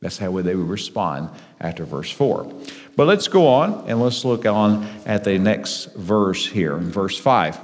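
A man teaching a Bible study, explaining scripture and reading passages slowly and deliberately, with some self-correcting restarts. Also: on the low side, big pitch swings, long reverb tail.

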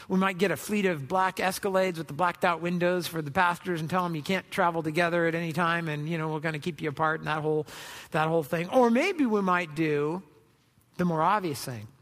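A man's voice: high voice, a little fast, fairly bright tone, in a large hall. A man preaching a sermon as pastor, in a conversational way that is full of rhetorical questions.

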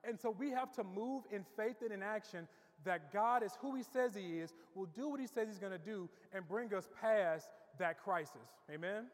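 A man's voice: high voice, moderate pace. A man preaching a sermon as pastor, building with rising emphasis and repeating words as he goes. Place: church sanctuary. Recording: long reverb of a church hall.

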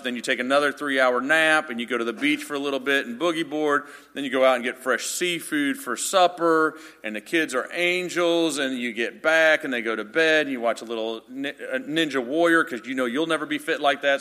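A man in his thirties preaching a sermon, telling funny stories about himself and building up to loud, emphatic passages. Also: mid-range voice. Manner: animated storytelling with self-deprecating humor, building to loud emphatic passages. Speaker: pastor. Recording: long reverb of a large hall.

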